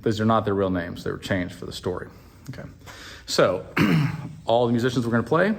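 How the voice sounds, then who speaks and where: A man casually retelling a Bible story as a comedy bit, animated and full of joking asides to the listener. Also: fairly low pitch, slightly rough.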